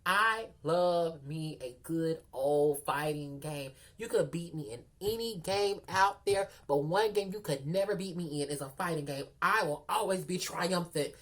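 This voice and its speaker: A woman telling a story to her viewers in a sassy, animated, chatty way, often calling them girl and y'all. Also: deep voice, measured pace, hardly any pauses. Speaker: storytime vlogger. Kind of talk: casual storytelling to the camera.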